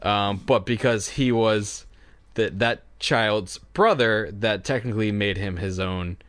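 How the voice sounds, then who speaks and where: A man co-hosting a podcast, chatting casually about a film with wry humor and halting restarts. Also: on the low side, a bit bright, a little hiss or hum. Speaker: podcast co-host.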